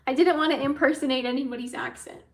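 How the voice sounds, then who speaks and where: A young woman vlogger telling a story in a casual, chatty, excitable way, full of likes and ums. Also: sits high, fast talker. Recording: roomy, from a distance off mic.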